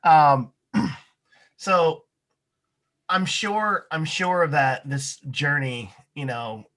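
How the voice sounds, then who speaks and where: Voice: mid-range voice, very slow, fairly bright tone. A radio show host interviewing a guest, asking long, meandering, enthusiastic questions.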